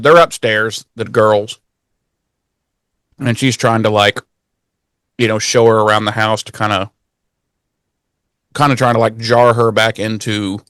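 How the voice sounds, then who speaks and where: A man co-hosting a podcast, casually recapping a TV episode with crude jokes and quick character impressions. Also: mid-range voice, fairly bright tone, smooth, no echo. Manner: profane, jokey, acts out characters in quick voices. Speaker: podcast co-host.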